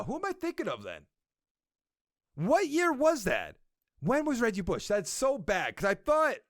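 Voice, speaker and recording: A man's voice: sits high, fairly bright tone, dry recording, studio quality. A young man hosting his own casual sports podcast alone, rambling and correcting himself as he thinks aloud. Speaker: podcast host.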